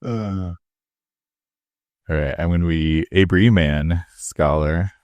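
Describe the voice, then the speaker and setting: A man's voice: sits low, slow pace, darkish tone, no echo, dull audio. A man playing in a tabletop game, laid-back and joking with the group. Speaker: player. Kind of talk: casual tabletop game chat.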